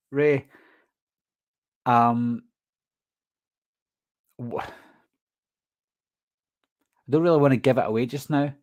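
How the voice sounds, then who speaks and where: A man's voice: mid-range voice, a little mellow, dry recording, studio quality. A man from Scotland with a toned-down Glasgow accent, chatting casually on a live stream as he reads out viewer questions and answers them. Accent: Glaswegian Scottish, toned down. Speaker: horror movie channel host.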